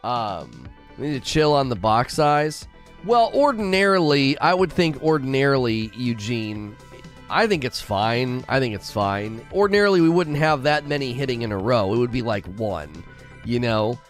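Male stream host, lively pitch, rambling chat, faint background music. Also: normal speed. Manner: animated, rambling, repeats himself. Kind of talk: casual live-stream chat.

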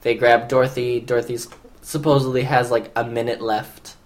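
A woman's voice: extremely low pitch, little pitch movement, normal speed, darkish tone. A woman co-hosting a podcast, recapping a film in casual chat with wry, joking commentary. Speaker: podcast co-host.

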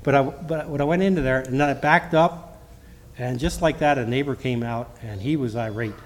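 A middle-aged lay preacher mixes personal testimony into his church sermon, his pitch typical for a man. He halts and restarts frequently, reading scripture in King James wording, while faint noise sits in the background.

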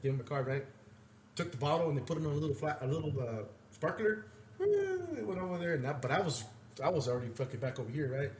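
A man co-hosting a podcast, telling stories in a rambling, profane and animated way. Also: mid-range voice, very fast. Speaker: podcast co-host. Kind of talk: casual storytelling chat. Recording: echoey room with faint noise.

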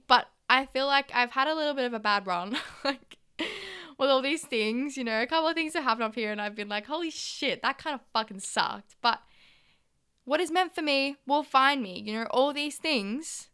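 A woman's voice: on the high side, sharp tone, smooth. A young Australian woman in her twenties, hosting a podcast alone, talking in a chatty, candid and sweary way and acting out her own reactions. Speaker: podcast host. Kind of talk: casual solo podcast monologue.

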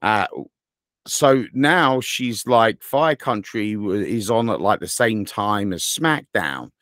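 A man's voice: on the low side, slow pace, no echo. Guy on a podcast rambling about stuff, swears a lot, voice jumps up and down, dry close mic. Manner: animated, rambling and profane storyteller. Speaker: podcast co-host. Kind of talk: casual podcast chat.

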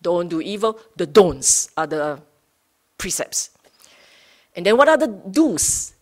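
A woman teaching Buddhist Dhamma to a study group, unhurried, rephrasing her points and often checking in with her listeners. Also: on the low side, sing-song. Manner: rephrases and repeats points for emphasis.

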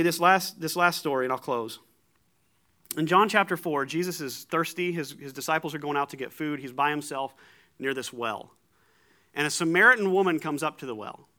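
A man, likely middle-aged, preaching a sermon in a conversational, animated way, retelling stories with frequent restarts. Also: on the high side.

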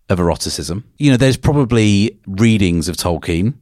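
A man co-hosting a podcast, reading fan fiction aloud in a measured, expressive way, then discussing it animatedly. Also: fairly low pitch, dry recording, clean studio sound. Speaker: podcast co-host.

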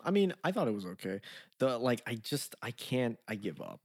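A man co-hosting a casual podcast chat, animated and quick to laugh, acting out scenes as he tells them. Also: medium pitch, husky, no echo, clean studio sound. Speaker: podcast co-host.

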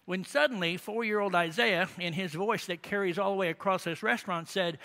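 A man's voice: high voice, brisk, few pauses, pushed and bright. A middle-aged man preaching, telling a family story in a folksy, rambling way with many asides and tag questions. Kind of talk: sermon storytelling.

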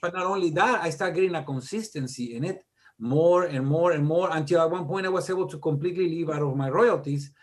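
Middle-aged guy on a podcast, kinda high voice, jokey and animated, makes fun of himself. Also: fast. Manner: animated, self-deprecating joker. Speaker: guest music producer. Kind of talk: casual interview storytelling.

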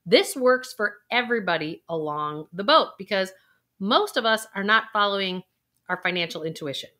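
Bright, direct woman coaching. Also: mid-range voice, expressive, moderate pace. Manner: earnest, direct, guiding exercises. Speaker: financial coach. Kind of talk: coaching talk.

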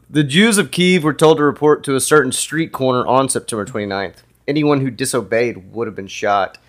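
A man co-hosting a podcast, reading history aloud at an easygoing, relaxed pace. His delivery is casual and full of fillers. His voice sits at an ordinary middle pitch for a man. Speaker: podcast co-host.

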